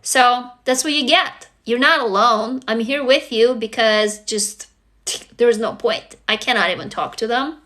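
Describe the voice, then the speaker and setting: A woman's voice: on the high side, measured pace, fairly bright tone. A woman from Russia, hosting an emotional livestream monologue in a raw, intense and profane way. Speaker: livestream host.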